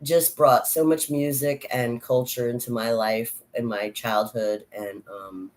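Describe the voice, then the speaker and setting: A woman's voice: very deep voice, fairly even intonation, a little slow, darkish tone. A woman talks to camera in a loose, personal vlog chat. She rambles, restarts her thoughts and laughs at herself a lot, with a frank, unguarded manner. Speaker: vlogger.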